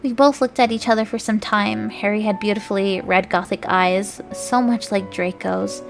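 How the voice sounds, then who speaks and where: A woman's voice: medium pitch, steady tone, moderate pace, gravelly, soft background music. A woman streamer reading fanfiction aloud, giggling and stumbling over the words.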